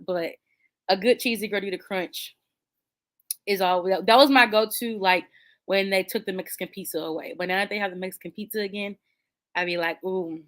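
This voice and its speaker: A woman hosts a book channel and chats casually with her viewers, reading out their comments and answering them. She talks in an animated, slangy, playful way and breaks into laughter often. Her voice sits at an ordinary middle pitch.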